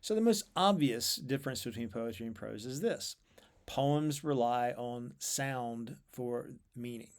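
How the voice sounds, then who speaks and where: Thoughtful man explaining poetry. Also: mid-range voice. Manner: thoughtful, measured, with fillers and repeated words. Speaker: literature lecturer.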